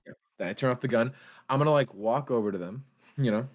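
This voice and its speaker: A man's voice: mid-range voice, fast. A man playing a tabletop role-playing game, describing his hero's moves casually and laughing often. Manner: laid-back, laughing, animated. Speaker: player.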